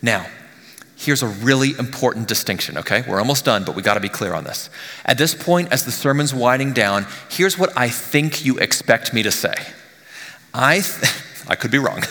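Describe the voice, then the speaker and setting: Bright-voiced man preaching in a reverberant church. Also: medium pitch, lively intonation, moderate pace. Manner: conversational preaching, drops to near whisper on key lines. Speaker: pastor. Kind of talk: sermon. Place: church sanctuary.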